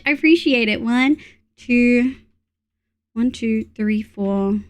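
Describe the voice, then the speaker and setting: A woman's voice: on the high side, takes it slowly, smooth. Chatty young Australian woman streaming. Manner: chatty, muttering to herself, swears when annoyed. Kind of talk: casual live-stream chat while gaming.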